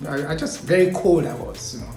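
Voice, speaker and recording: A man hosting his own vlog, telling a personal story in a casual, animated way, laughing often and trailing off with "you know". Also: fairly high pitch, a little fast. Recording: echoey room, faint music.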